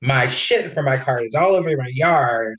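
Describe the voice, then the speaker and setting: Podcast co-host, man, casual and animated, mid-pitched storyteller. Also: moderate pace, echoey room, low-quality recording. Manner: animated, quotes others in his retelling.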